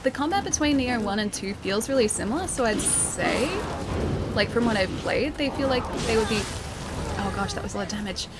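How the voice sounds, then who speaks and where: A woman's voice: on the high side, animated, moderate pace, very noisy. A young Australian woman streaming a game, chatting casually with her chat and thanking viewers between fights, with plenty of ums and uhs. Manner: chatty, reads out and thanks chat, many fillers. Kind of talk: casual live-stream chat while gaming. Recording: game music playing behind.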